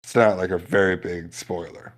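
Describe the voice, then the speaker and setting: A young man with a very low voice chats casually on a podcast. He rambles, filling his sentences with "like". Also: steady tone, normal speed. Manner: rambling, full of "like" fillers. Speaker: podcast co-host. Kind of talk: casual chat.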